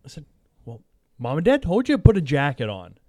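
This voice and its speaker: A man hosting a podcast, telling a story in a relaxed, laughing casual chat. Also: fairly high pitch, a little fast, dry recording, studio quality. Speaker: podcast host.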